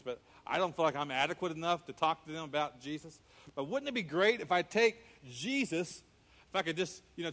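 A man preaching a sermon, animated, acting out scenes with quoted voices. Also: on the high side. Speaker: pastor. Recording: long reverb of a large hall.

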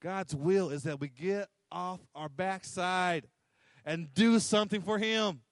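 Male pastor, high voice, dry close sound, punchy repetitive sermon delivery. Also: takes it slowly, no echo. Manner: emphatic, repetitive, acts out quotes.

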